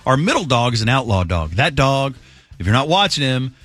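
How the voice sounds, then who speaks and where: Male radio host, casual animated storyteller, bright forceful tone, dry close studio sound. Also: mid-range voice, brisk, no room sound. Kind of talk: casual chat.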